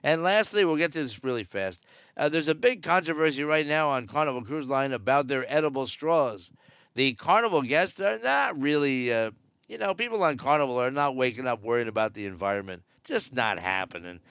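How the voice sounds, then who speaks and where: A man's voice: mid-range voice, expressive, a little fast, a bit bright, smooth, no echo, studio quality. A man giving casual, wry cruise news commentary from aboard a ship, joking sarcastically. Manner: chatty and wry, jokes sarcastically.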